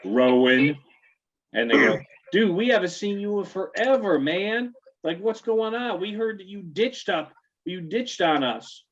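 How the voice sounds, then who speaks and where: A man's voice: high-pitched, animated, a little slow, fairly bright tone, voice pushed up, full character voice. A man voicing a laid-back, crude young frat-bro cultist who drawls surfer slang, recorded on dull lo-fi audio. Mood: excited.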